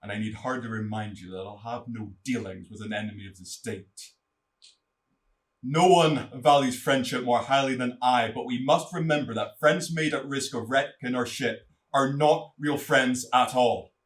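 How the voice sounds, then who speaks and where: A man performs a commanding king in a stage play, declaring his will with force and then dropping to a cold, level hush. His voice sits at an ordinary middle pitch for a man, and he sounds grave and unbending throughout. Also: moderate pace, recorded from a distance, natural voice. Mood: proclaiming. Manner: declamatory, swings from loud proclamations to cold quiet threats. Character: stern commanding male king laying down the law.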